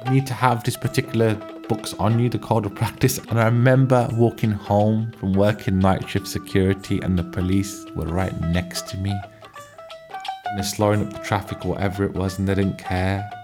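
A man hosting a comic radio show, telling slangy, animated stories. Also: fairly low pitch, moderate pace. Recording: music playing underneath.

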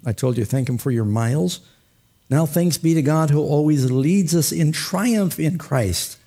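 A man's voice: a little high, mellow, breathy edge. A man preaching a sermon as pastor, folksy and humorous, with light laughs and quoted asides.

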